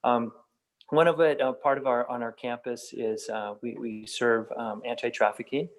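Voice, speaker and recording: A middle-aged man speaks to a church fellowship group in a relaxed, unscripted way. His voice sits at an ordinary mid pitch, and he often stops to restart his sentences with "um" and "uh". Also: moderate pace, poor audio. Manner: conversational, many fillers and restarts. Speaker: guest speaker from a nonprofit campus.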